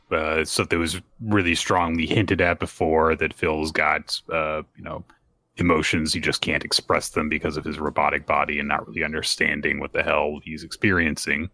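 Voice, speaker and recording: A man with an extremely deep voice and a bright, forceful edge to it talks over a manga chapter on a podcast. His delivery is reflective and rambling, and the sound is dry and close with no room behind it. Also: steady tone, normal speed, no echo. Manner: thoughtful, rambling with fillers. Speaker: podcast co-host. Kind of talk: casual manga discussion.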